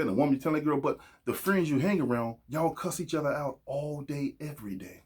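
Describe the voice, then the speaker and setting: Husky man preaching on a podcast. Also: medium pitch, fast talker, hardly any pauses, darkish tone. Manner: preachy and emphatic, acts out quoted voices. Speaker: podcast host. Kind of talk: casual opinion monologue.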